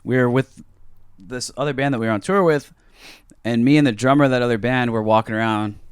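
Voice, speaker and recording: Young male podcast co-host from California, smooth voice, bone-dry close mic, casual profane storytelling. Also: mid-range voice, fairly quick, no room sound.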